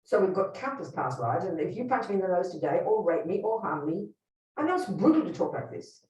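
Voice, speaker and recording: A Buddhist nun with a lowish, darkish, sing-song voice talks a little fast to a live workshop audience. Emphatic and blunt, she asks listeners pointed questions, heard through a distant mic in a large hall.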